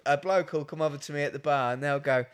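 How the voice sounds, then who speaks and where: A man's voice: fairly high pitch, fast, smooth. A man, a tattoo artist co-hosting a podcast, chatting bluntly and swearing a lot as he tells stories and mimics other people. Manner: blunt, sweary, animated storytelling with mimicked voices. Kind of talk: casual banter.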